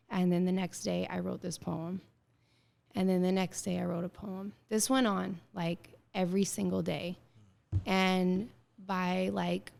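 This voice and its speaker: Woman with a gravelly vocal fry. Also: mid-range voice. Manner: animated storyteller acting out quoted dialogue; frequent filler words. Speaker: guest. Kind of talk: casual interview conversation.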